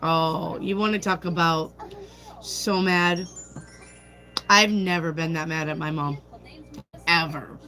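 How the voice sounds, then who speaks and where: A woman's voice: low-pitched, steady tone, slow, pauses often, sharp tone, faint music behind, low-quality recording. A woman hosting a tarot livestream, chatting casually, telling a personal story and answering viewer comments. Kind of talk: casual chat with live chat.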